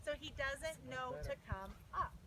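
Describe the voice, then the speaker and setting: A woman's voice: high voice, lively intonation, a little slow. A woman working as a dog trainer, giving direct, encouraging instructions and praising the dog during an outdoor coaching session. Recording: distant, dull, noisy outdoor recording.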